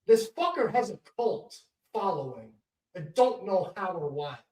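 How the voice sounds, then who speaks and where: Man, live stream host, match watch-along, profane, ranting, fairly high voice. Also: very animated, a little slow, a little mellow.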